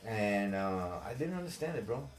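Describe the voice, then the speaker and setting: A man in his forties, a podcast host, telling stories in casual, profane, animated chat. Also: fairly low pitch, moderate pace. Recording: roomy echo.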